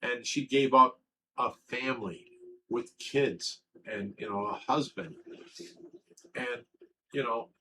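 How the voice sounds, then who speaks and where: A man's voice: medium pitch, takes it slowly, long pauses, pushed and bright, a little hiss or hum, poor audio. A livestream host talking candidly and emotionally, rambling and swearing as he tells a personal story. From Ohio.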